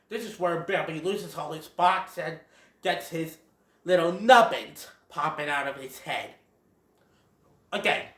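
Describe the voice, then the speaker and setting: A fan movie reviewer casually retelling a film in a rambling, repetitive way. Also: mid-range voice. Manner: rambling, repetitive 'and then'. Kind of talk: casual story-style movie recap. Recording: roomy echo.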